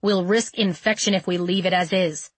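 A woman voicing a blunt, weary male medic who talks in a brisk, matter-of-fact way. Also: lowish voice, steady tone, dry recording, close to an everyday voice.

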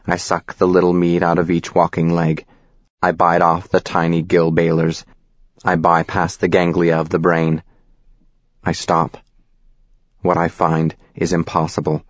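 A man reading a novel aloud as narrator, in a deadpan, measured, wry manner. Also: deep voice, no echo. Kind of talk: scripted audiobook narration. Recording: slightly dull, dry recording.

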